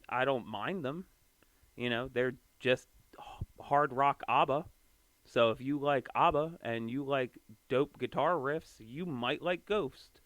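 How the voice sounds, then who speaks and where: A young man rambles through a casual podcast monologue, swearing freely and restarting his sentences. His voice is smooth and clear, at an average pitch. It is recorded close up with a dry sound. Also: a bit bright, dry recording. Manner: loose and profane, full of fillers and restarts. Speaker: podcast host.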